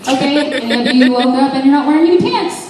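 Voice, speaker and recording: A woman's voice: sits high, fairly quick. A young woman doing a stand-up comedy set, telling self-deprecating stories and chatting with the crowd. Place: bar open mic stage. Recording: echoey room, distant mic, background noise.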